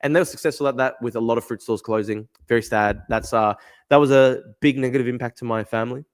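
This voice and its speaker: A man's voice: mid-range voice, fairly even intonation, fast. Rambling young man hosting a livestream. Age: young adult. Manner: rambling, reads viewer comments aloud, repeats himself. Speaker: livestream host reading chat. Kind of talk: casual livestream chat.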